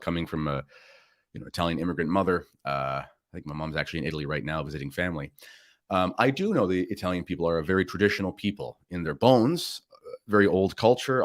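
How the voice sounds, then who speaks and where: A man's voice: low voice, no echo, studio quality. A man hosting a pre-recorded commentary show, talking casually with asides and fillers. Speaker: host.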